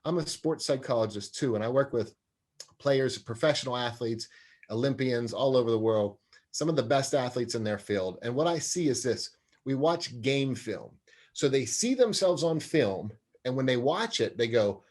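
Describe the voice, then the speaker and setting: A man's voice: mid-range voice, lively intonation, moderate pace, darkish tone. A man speaking as an interview guest, an anger management specialist and sports psychologist, talking earnestly and acting out quoted voices. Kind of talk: interview conversation.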